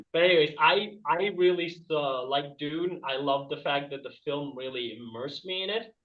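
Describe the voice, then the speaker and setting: A man's voice: a little high, moderate pace, roomy sound, distant mic, phone-quality sound. A man doing a rambling stand-up comedy bit over a video call, laughing at his own jokes. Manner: rambling and self-amused, laughing at his own jokes, with jumpy shifts in loudness.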